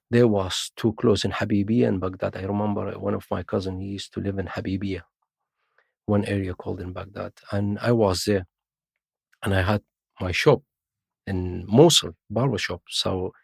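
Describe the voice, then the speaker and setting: A man's voice: lowish voice, fairly even intonation, normal speed, vocal fry, a little mellow, breathy edge, dry recording, clean studio sound. A middle-aged Iraqi man, native Arabic speaker, telling his story in broken English with London slang and acting out other people's voices, as a podcast guest. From Iraq. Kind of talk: casual storytelling interview.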